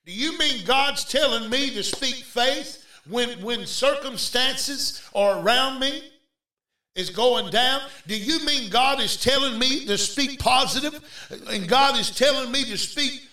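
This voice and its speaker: High-voiced shouting male preacher. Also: a little slow, distant mic. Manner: shouting, exhorting the crowd with repeated calls. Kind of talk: fervent revival sermon. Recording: echoey room, voice off-mic.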